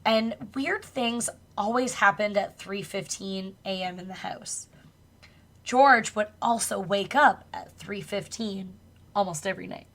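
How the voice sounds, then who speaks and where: A woman co-hosting a podcast tells a spooky true story in a relaxed, chatty way. She swears casually now and then and laughs along with her co-host. Her voice sits in an ordinary middle pitch. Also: a little slow. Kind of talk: casual chat, retelling a true crime story.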